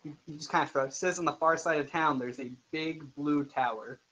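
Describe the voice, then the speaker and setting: A man's voice: on the high side, normal speed, a bit bright, poor audio. A man running a tabletop game as game master, narrating loosely with many fillers and restarts. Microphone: home microphone over an online call.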